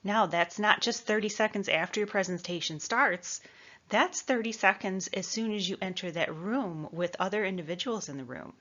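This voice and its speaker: A woman from the American Midwest giving an instructional talk on presentation skills, with a clear, measured coaching delivery. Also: mid-range voice, sharp tone, highs cut off.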